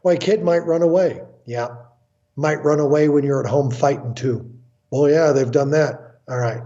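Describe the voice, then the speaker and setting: A man's voice: fairly high pitch, normal speed, warm tone, muffled recording. A man speaking as an interview guest about his work as a family counselor, blunt and emphatic, acting out what other people say. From United States. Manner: emphatic, blunt, acts out quotes. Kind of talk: animated storytelling interview.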